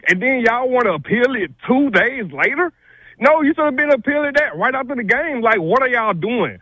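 A man's voice: extremely high pitch, very animated, normal speed, pushed and bright, no echo, poor audio. A male caller, out of breath, ranting heatedly and emphatically on a call-in show. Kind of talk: call-in rant.

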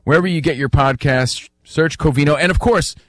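A man's voice: on the high side, a little fast, fairly bright tone, dry recording, studio quality. A man co-hosting a sports radio show, joking with his partner and plugging the show. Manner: upbeat, joking, plugs the show. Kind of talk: casual sports radio banter. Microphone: studio broadcast mic.

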